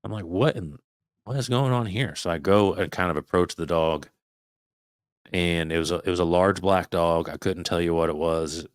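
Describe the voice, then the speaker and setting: A man in his thirties, a podcast guest, telling a frightening personal story in casual, swearing, animated talk. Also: deep voice, normal speed, smooth, dry recording, studio quality. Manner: swearing, animated retelling of a scary night.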